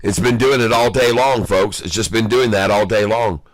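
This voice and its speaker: A man giving live day-trading commentary, excitable and taunting, calling out prices and addressing viewers as folks. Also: lowish voice, moderate pace, no echo. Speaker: stock day-trader streaming live.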